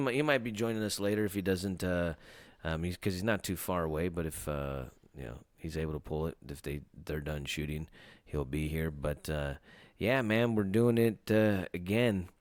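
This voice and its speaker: A man's voice: low voice, moderate pace, no room sound, clean studio sound. A man hosting a casual podcast, rambling loosely with lots of hesitations. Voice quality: rambling, lots of fillers and restarts. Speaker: podcast host.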